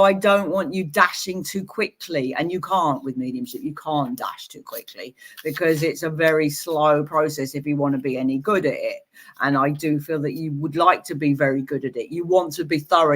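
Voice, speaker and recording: A woman working as a psychic medium, giving live-streamed readings to viewers in a gentle, reassuring way with playful asides. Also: low voice, fairly even intonation, normal speed.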